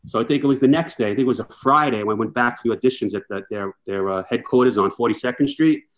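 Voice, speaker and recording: Middle-aged male firefighter guest, mid-pitch, chatty storyteller who plays out the people he quotes. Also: quick pace. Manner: lively anecdotes, acts out quoted dialogue. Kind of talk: casual storytelling chat.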